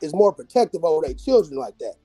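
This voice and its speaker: A man's voice: fairly high pitch, sing-song, quick pace, a loud crowd. A man from California arguing bluntly and with profanity as a caller on an online panel. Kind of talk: heated online panel talk.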